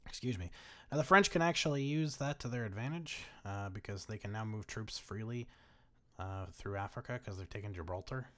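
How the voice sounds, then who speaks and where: A man's voice: lowish voice, expressive, normal speed, fairly bright tone. Casual swearing man commenting on a strategy game. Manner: casual, swears freely, laughs often. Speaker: gaming commentator.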